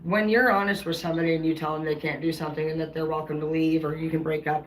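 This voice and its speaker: A woman's voice: deep voice, little pitch movement, quick pace, few pauses, loud music behind the voice, rough recording. A woman tarot reader talking casually to her live-stream viewers in a blunt, rambling, heavily profane way.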